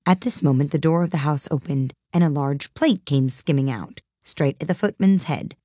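Low-voiced woman reading a storybook. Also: moderate pace, mellow, slightly rough, no echo, clean studio sound. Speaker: audiobook narrator. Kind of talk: storybook narration.

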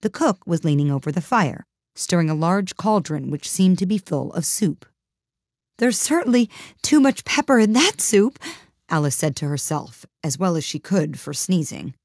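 A woman with a deep, low voice narrates a children's classic in a measured, steady read. The recording is dry and close, with no room sound. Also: husky, dry recording. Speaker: audiobook narrator. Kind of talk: storybook narration.

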